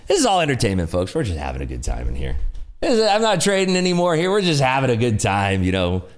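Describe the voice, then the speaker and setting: A man hosts a relaxed livestream from his garage, joking around and laughing as he repeats his catchphrases. His voice sits at an ordinary pitch but swings up and down a lot. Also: fast. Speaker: livestream host. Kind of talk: casual livestream chat. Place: home garage.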